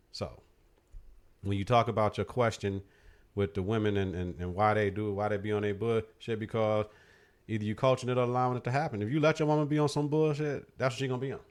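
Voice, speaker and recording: A man hosting a podcast, giving blunt, profane opinions in casual chat. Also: lowish voice. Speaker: podcast host.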